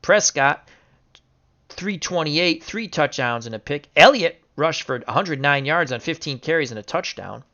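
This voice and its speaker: A man calling simulated football results in a bright, forceful voice, swinging from chatty recaps to excited shouting. The audio is a little muffled and lo-fi. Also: a little high, moderate pace. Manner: excitable, bursts into shouting over upsets. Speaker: video game sim commentator. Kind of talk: casual play-by-play commentary.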